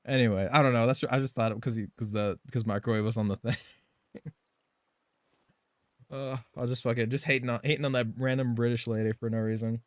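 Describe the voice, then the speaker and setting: A man's voice: mid-range voice, fairly even intonation, a little fast, no echo. A man live streaming a game, chatting casually in a loose, rambling way, swearing and laughing often.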